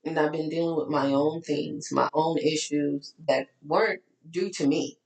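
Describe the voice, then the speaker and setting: A Texas-accented woman life coach talks candidly to her followers, her tired voice cracking again and again. It's low-pitched and a little mellow, with fairly even intonation and an unhurried pace. She's chatty with preachy asides, and the rough recording has a lot of reverb.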